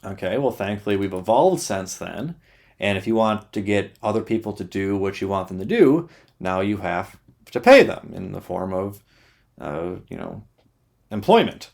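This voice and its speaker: A man's voice: low voice, big pitch swings, normal speed, vocal fry, darkish tone. Blunt, sweary man ranting. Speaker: YouTuber. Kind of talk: sarcastic ranting monologue.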